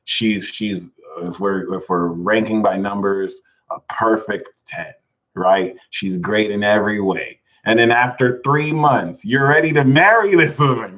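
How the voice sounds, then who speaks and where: A man's voice: fairly low pitch, unhurried, a bit bright, poor audio. A man hosting a casual livestream, talking animatedly, laughing a lot and reading viewers' names from the chat. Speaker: livestream host.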